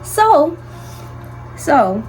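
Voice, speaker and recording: Animated young woman telling a storytime. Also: high voice, drawn-out words, soft background music, poor audio. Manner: animated, slangy storytelling with many fillers. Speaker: vlogger. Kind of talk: storytime vlog.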